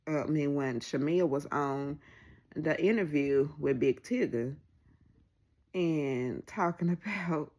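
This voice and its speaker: A woman casually recapping a reality show, acting out what people said with big swings in her voice. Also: takes it slowly. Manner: animated, acts out quoted lines with pitch jumps.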